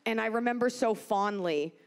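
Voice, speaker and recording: A woman's voice: on the high side, normal speed, vocal fry, long reverb tail, background noise. Wry woman comic on stage. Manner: wry, confessional storytelling with mocking voices. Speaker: stand-up comedian. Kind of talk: stand-up routine. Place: comedy stage before a live audience.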